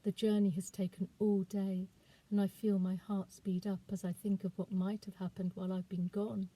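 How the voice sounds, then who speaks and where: A woman, a children's author, reading aloud from her novel in a calm, expressive storytelling voice. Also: medium pitch, moderate pace, breathy edge, rough recording.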